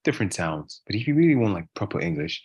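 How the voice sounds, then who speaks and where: A man's voice: on the low side, quick pace, breathy edge, no room sound. A man from Africa, a guest answering interview questions casually, often tagging his sentences with a question. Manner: relaxed, often ends phrases with a tag question.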